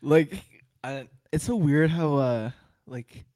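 A man's voice: a little high, slow pace, dark tone, dry recording, studio quality. A man in his thirties co-hosting a casual podcast, laid-back and swearing freely. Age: 30s. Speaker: podcast co-host. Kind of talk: casual live-stream podcast chat.

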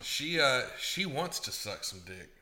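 A man co-hosting a podcast, talking crudely and bluntly with a joking edge. His voice is very bright and forceful at a middle pitch. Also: very animated, a little slow. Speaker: podcast co-host. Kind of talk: crude casual chat.

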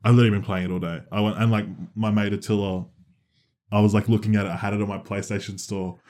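A young man co-hosting a casual podcast, chatting loosely and jumping into loud re-enactments of his stories. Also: fairly low pitch, fast talker. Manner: animated, shouts when acting out stories. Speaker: podcast co-host. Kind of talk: casual chat.

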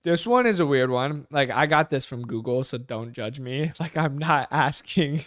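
A man's voice: mid-range voice, expressive, normal speed, fairly bright tone, dry recording, studio quality. A young man hosting a casual chat with his wife, rambling and laughing a lot. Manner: giggly, rambling, lots of "like". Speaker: podcast host.

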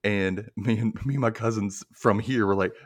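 A man's voice: on the low side, steady tone, normal speed, dry recording. A man hosting a podcast, chatting casually as he recaps a TV episode and acts out characters' lines with lots of laughs. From Memphis. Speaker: podcast host.

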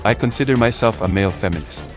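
A man playing a creepy fake male feminist who hits on a woman with oily, sleazy flattery in a comedy sketch. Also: on the low side, quick pace, natural voice. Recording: music under the voice.

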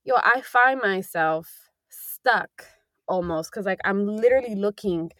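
A woman's voice: mid-range voice, lively intonation, measured pace, pushed and bright, no room sound, studio quality. A young woman in casual chat, talking candidly and rambling with many fillers and the odd swear word.

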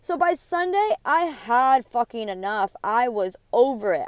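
A woman's voice: a little high, big pitch swings, measured pace, few pauses, smooth, no echo. A woman in her thirties hosting a podcast, telling a personal story in a heated, rambling way and swearing often. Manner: profane, indignant, rambling. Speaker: podcast host.

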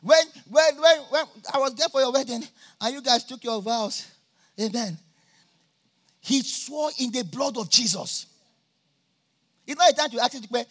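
A man preaching a sermon at a church campmeeting, jovial and laughing often, now and then bursting into shouts. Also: very high-pitched, expressive, measured pace, pauses often. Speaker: pastor.

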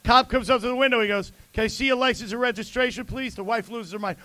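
Brief: male comic, high voice, deadpan delivery, dry close mic. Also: fast, few pauses, no echo. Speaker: comedian guest. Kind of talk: casual joke-telling chat.

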